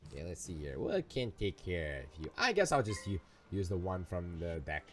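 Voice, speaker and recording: A man's voice: low-pitched, big pitch swings, moderate pace, fairly bright tone. A young man commenting on a video game, rambling and playful, often correcting himself. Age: young adult. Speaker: gaming YouTuber. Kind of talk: let's play commentary.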